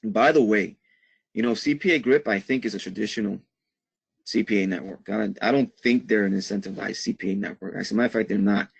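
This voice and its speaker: A man's voice: lowish voice, fairly quick, creaky, husky. A man teaching a live online marketing webinar in an upbeat way, checking in with "okay?" after almost every phrase.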